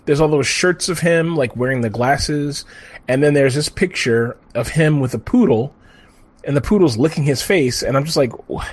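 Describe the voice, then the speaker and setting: Husky-voiced man chatting loosely. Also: fairly high pitch, moderate pace. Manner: rambling and profane, with many fillers. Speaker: podcast co-host. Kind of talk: casual chat.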